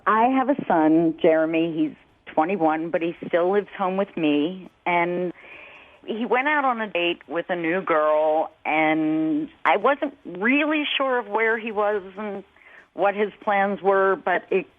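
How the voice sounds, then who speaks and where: A woman in her forties calling in to a radio show, sheepish and flustered, turning animated as she retells things. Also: lowish voice, takes it slowly. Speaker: caller. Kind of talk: phone-in chat on a radio show. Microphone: phone. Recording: tinny phone line.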